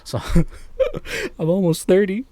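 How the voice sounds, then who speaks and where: A man's voice: high voice, wildly swooping pitch, takes it slowly, darkish tone, no room sound. Rambling man in his late twenties. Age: late 20s. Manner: rambling, chuckles often, self-interrupting. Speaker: streamer. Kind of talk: casual live-stream chat while gaming. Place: his bedroom at home. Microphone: streaming mic with noise gate.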